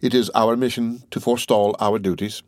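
A man voicing an elderly priest in a read-aloud story, speaking in a grave, measured, courteous way. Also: lowish voice, steady tone, darkish tone, dry recording, studio quality, close to an everyday voice. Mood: solemn. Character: elderly Italian priest, calm and devout.

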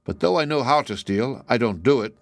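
Read by a man, a humble young thief pleads his case earnestly and cleverly. The voice is dry and close. It sits at an ordinary middle pitch. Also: expressive, brisk, creaky, no room sound. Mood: pleading.

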